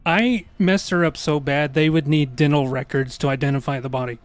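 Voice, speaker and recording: A man's voice: a little high, steady tone, a little fast, hardly any pauses, smooth, no echo, faint music behind. A man commenting casually on a live game stream, talking to his chat. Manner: chatty, laughing, talks to chat.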